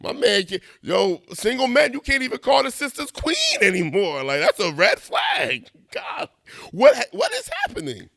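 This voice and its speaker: Man, conversational monologue host, lively pitch, dry booth-like sound. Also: normal speed, creaky, few pauses, dry recording. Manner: animated, conversational, laughs at himself, slangy asides. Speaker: video essayist. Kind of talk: casual monologue.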